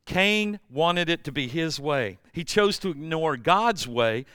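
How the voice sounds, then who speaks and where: A male pastor preaches in a conversational, animated way, slipping into the voices of the people he describes. His voice sits high, with a crisp, smooth tone. The sound is close and dry. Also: slow, no room sound. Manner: conversational and animated, acts out quotes. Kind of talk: sermon.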